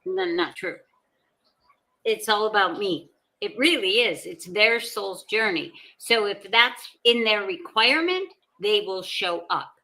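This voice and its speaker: A woman speaking as a guest on a conversational podcast, explaining her views with calm assurance. Her tone is bright and forward, at a mid pitch for a woman. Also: a little slow, poor audio.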